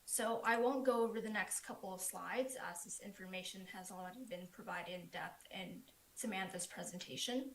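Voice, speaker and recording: A woman's voice: mid-range voice, normal speed, hardly any pauses, a little hiss or hum. A woman planner giving a formal prepared presentation, reading steadily through a report over a remote call. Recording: echoey remote call audio.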